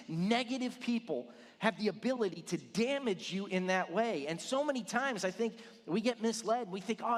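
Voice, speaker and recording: A middle-aged male pastor preaching a sermon, telling stories with self-deprecating jokes. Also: high-pitched. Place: church sanctuary. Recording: long hall reverb.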